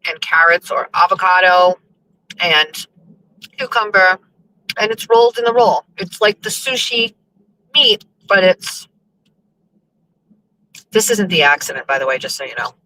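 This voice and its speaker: A woman's voice: fairly low pitch, animated, unhurried, long pauses, pushed and bright, a little hiss or hum, poor audio. A young woman host chatting casually to her listeners while driving, rambling and cursing in exasperation. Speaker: show host.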